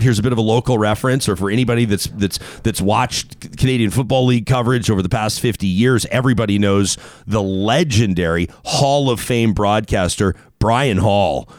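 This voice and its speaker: A man's voice: lowish voice, no room sound, clean studio sound. A man hosting a talk show, chatting in a playful, digressive monologue.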